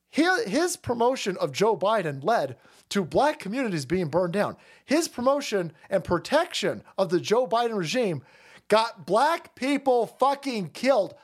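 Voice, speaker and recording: Man, livestream host, political rant, heated, crude, mocking, swears constantly, lively swinging pitch.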